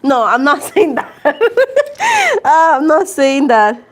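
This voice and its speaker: Puerto Rican woman, higher voice. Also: measured pace. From Puerto Rico. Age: 20s. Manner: laughs often, switches between English and Spanish. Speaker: tarot reader livestream host. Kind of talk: casual livestream chat.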